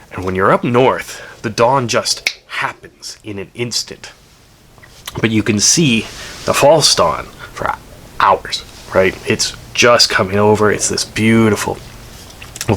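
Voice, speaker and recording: Low-voiced guy rambling through a folk story, chatty asides. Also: a bit bright, slight background noise. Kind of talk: casual spoken storytelling.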